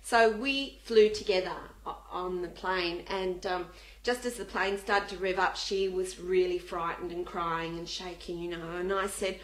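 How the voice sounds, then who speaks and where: An Australian woman telling funny stories to an audience, animated and laughing, acting out the people in them. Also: lowish voice, unhurried, reverberant. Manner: animated, laughing, acts out voices in her stories. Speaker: speaker. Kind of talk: humorous storytelling talk.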